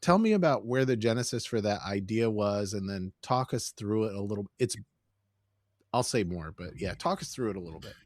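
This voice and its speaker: A man's voice: lowish voice, fairly quick, no echo, clean studio sound. A man hosting a podcast, chatting casually and prompting his guest, with some restarts. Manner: relaxed, with restarts and brief backchannel sounds. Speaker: podcast host. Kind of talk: casual interview chat.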